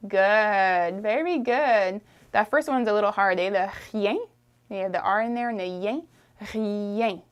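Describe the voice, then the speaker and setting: A woman teaching a French lesson, repeating phrases slowly and encouraging the learner to try. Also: mid-range voice. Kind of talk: friendly language lesson.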